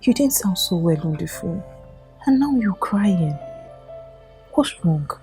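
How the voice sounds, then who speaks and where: A woman's voice: lowish voice, lively intonation, slow, a little mellow, soft background music. An actress playing a two-faced female friend who coaxes and often ends her lines with 'eh?'. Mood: soothing. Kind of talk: film drama acting.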